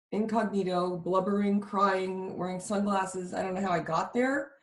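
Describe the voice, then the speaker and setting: A woman host recalls a personal turning point in a vivid, confessional way. Her voice sits in the middle of her range, and the room gives it a clear echo. She speaks openly and with feeling. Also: medium pitch. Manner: emotional, vivid confessional storytelling. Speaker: show host. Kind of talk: candid storytelling chat.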